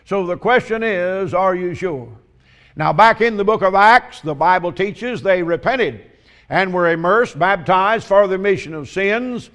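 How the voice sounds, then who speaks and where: A man preaching a sermon, telling folksy humorous stories and asking drawn-out emphatic questions. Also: high-pitched, fairly bright tone.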